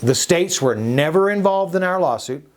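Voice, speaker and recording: A man's voice: high voice, animated, moderate pace. A man, an attorney hosting a podcast, speaking in an emphatic, repetitive monologue that often stumbles and restarts.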